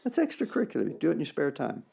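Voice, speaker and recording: Animated, gravelly man. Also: fairly high pitch, rapid-fire. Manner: animated, emphatic, quotes scripture. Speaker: podcast co-host. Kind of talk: casual faith discussion.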